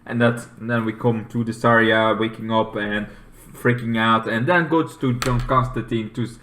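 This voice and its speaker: A man casually reviewing a TV episode, rambling and halting, with many fillers and restarts. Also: on the low side, fairly even intonation, a bit bright. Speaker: TV show reviewer. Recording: echoey room.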